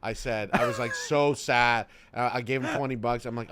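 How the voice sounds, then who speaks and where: A man's voice: mid-range voice, steady tone, brisk, a bit bright, dry recording. A middle-aged man co-hosting a comedy podcast, telling self-mocking stories in a laid-back, casual way. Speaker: podcast co-host.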